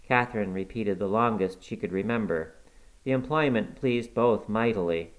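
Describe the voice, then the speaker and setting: A man narrating a classic novel aloud in a measured, even reading voice. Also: on the low side, rough recording. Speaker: audiobook narrator. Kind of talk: audiobook reading.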